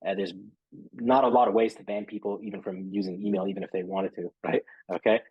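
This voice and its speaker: A man's voice: fairly low pitch, little pitch movement, brisk, husky, no room sound, lo-fi sound. A man talking casually as a guest in an interview, rambling and filling his talk with "you know" and "right?". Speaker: podcast guest, SEO marketer.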